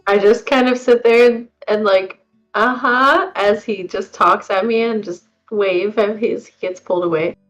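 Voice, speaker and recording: A woman's voice: medium pitch, steady tone, normal speed, hardly any pauses, soft background music. Curious woman player on a dull mic. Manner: curious, questioning. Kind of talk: role-play narration.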